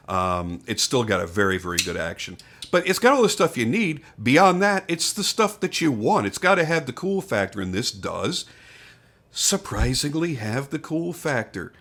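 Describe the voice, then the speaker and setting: A man's voice: mid-range voice, a bit bright. An older man casually reviewing a knife, talking off the cuff with frank opinions, swearing and restarts. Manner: candid, swears, thinks aloud with restarts.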